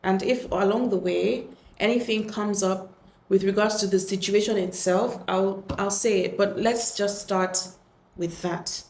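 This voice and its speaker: A woman hosting a podcast, speaking earnestly and gently in a reflective solo talk, with many pauses and restarts. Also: medium pitch, steady tone, reverberant. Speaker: podcast host.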